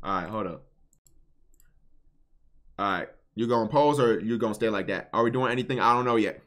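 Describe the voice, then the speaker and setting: A man's voice: lowish voice, brisk, fairly bright tone. A young man hosting a live stream, bantering loosely with callers and chat in heavy slang.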